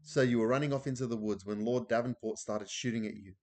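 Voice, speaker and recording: A man's voice: medium pitch, quick pace, a little mellow, lightly acted. Man doing a curious little boy asking loads of questions, storybook read-aloud. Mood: eager. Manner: eager, questioning. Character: young boy, eager and curious.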